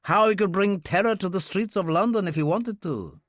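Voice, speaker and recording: A man's voice: sits high, normal speed, fairly bright tone, dry recording, studio quality, pitched above the performer's own voice. A man reading an audiobook, voicing an anxious, apologetic friend in a raised, pleading tone. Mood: agitated. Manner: pleading, agitated.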